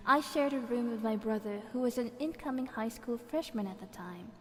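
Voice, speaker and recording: A woman's voice: a little high, fairly quick. A woman, reading a viewer's horror story on a live stream, playful and breaking in with laughing comments. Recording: reverb effect added, faint background music.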